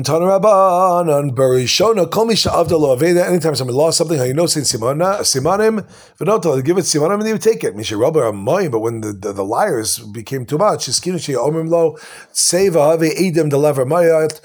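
A man teaching a casual Talmud class, quickly translating the text line by line with asides. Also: fairly high pitch.

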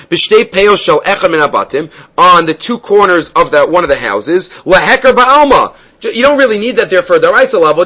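A man's voice: high-pitched, a bit bright. A man giving a Talmud class, reading Hebrew and Aramaic phrases and explaining them step by step. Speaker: Talmud teacher.

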